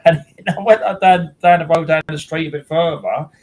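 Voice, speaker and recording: A man's voice: fairly high pitch, fairly even intonation, a little fast, a little mellow, rough recording. Rambling man chatting. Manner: rambling, repeats words and restarts. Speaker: host. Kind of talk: casual chat.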